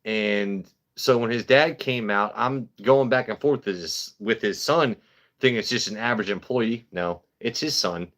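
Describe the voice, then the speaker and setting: A man's voice: lowish voice, moderate pace. A man hosting a live stream, telling a story casually with lots of swearing and rambling restarts. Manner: rambling, profane, animated. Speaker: host.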